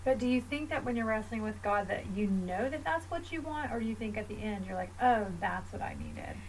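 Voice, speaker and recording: A woman's voice: a little high, expressive, fairly quick. A woman co-hosting a faith podcast, telling a personal story in a casual way with fillers. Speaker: podcast co-host. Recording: slightly distant mic with faint noise.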